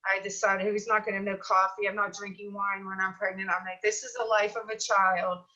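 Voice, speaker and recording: A middle-aged woman chatting as an interview guest, talking in an animated, storytelling way with plenty of fillers. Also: medium pitch, a little fast, muffled recording. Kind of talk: casual interview chat.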